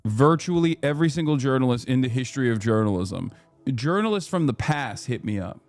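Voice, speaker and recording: A man in his thirties, a live streamer, telling stories in casual chat with an animated, profane, ranting manner. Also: medium pitch, fairly quick, soft background music. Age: 30s.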